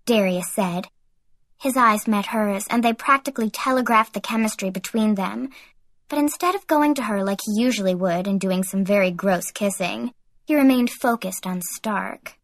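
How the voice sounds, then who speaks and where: A woman narrating a young adult audiobook in the first person, in a lively teen-girl voice. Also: mid-range voice, moderate pace, dry recording, studio quality.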